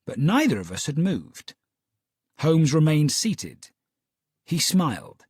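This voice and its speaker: Husky man narrating a story. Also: on the high side, no echo, clean studio sound. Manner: measured, expressive storytelling. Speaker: audiobook narrator. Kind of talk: scripted narration.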